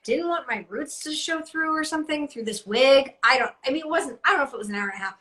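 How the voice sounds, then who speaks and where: Chatty woman voice actor, slightly high. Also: lively intonation, fast, pushed and bright. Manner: chatty, rambling, full of "like", self-deprecating. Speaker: guest voice actor. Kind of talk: casual interview chat.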